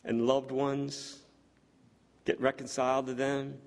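A man's voice: mid-range voice, slow pace, gravelly. Earnest man preaching a sermon. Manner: earnest, rises to excited exclamations, many fillers.

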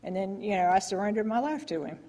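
Woman, mid-pitched voice, heartfelt, meandering church testimony. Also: animated, quick pace, warm tone. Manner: rambling and heartfelt, full of fillers and restarts. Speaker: church member giving testimony.

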